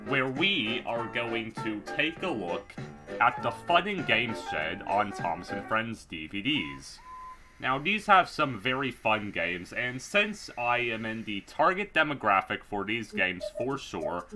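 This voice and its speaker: A man's voice: fairly low pitch, very animated, a little slow. Casual male game reviewer, dry sarcastic asides, faint music under him. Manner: sarcastic, mock-puzzled, many fillers. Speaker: YouTube reviewer. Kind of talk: casual gameplay commentary.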